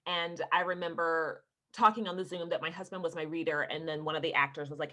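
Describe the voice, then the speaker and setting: Bright, animated woman on a video call. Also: on the low side, fairly quick, hardly any pauses. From Houston, Texas. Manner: animated storyteller, laughing, acting out quoted people. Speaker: actress, interview guest. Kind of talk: casual video-call interview.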